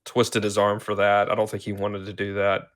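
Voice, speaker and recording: A man co-hosting a casual chat, laid-back, chuckling often and trailing off softly. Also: lowish voice, completely flat delivery, moderate pace. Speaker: podcast co-host.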